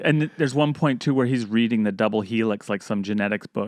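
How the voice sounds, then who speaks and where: A man's voice: lowish voice, quick pace, few pauses, a little mellow, no echo. Joking man on a movie podcast. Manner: joking, mimics his kids and characters. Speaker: podcast co-host. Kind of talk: casual movie-review chat.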